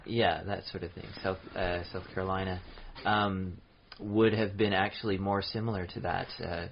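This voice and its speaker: A man's voice: low voice, little pitch movement, moderate pace, vocal fry, a little hiss or hum. A man co-hosting a podcast in casual chat, explaining hesitantly with many fillers. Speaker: podcast co-host. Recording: dull lo-fi podcast audio.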